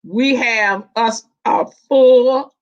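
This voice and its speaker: A woman talks casually on a live stream, animated and quick to laugh, drawing out her words at an unhurried pace. Her voice sits a little high for a woman. The audio is dull and lo-fi. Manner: animated, laughing, Southern-inflected slang.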